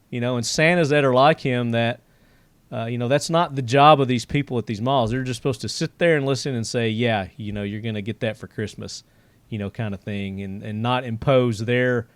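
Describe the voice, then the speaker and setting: Here a middle-aged podcast host chats casually, wandering through stories with plenty of filler words. He has a smooth, medium-pitched voice and the recording has no echo.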